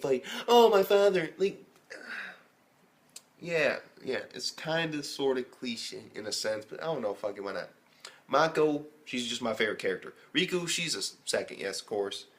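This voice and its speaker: A man giving a casual, rambling recap of an anime episode as a reviewer, excitable and swearing heavily. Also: medium pitch. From United States.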